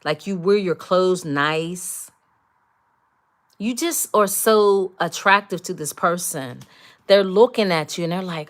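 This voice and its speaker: A woman's voice: fairly low pitch, unhurried. A woman doing a collective tarot reading, speaking emphatically and repetitively straight to her viewers. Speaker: tarot reader.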